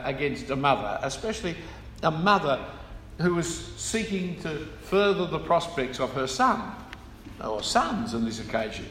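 A man's voice: fairly high pitch, fairly bright tone, slight background noise. A man preaching a sermon, explaining scripture with emphatic stresses and asides. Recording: echoey hall with room ambience.

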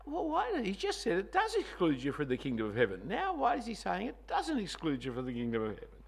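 A man's voice: sits high, huge pitch swings, fast, gravelly, husky. A male preacher giving a sermon, conversational with teasing asides, hitting single words hard for emphasis.

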